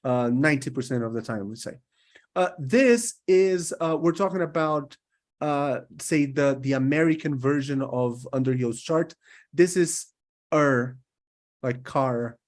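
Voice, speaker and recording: Slow, deliberate man teaching vowel sounds. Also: mid-range voice. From Brazil. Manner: checks in often with "right?". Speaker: English pronunciation teacher. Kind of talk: recorded lesson.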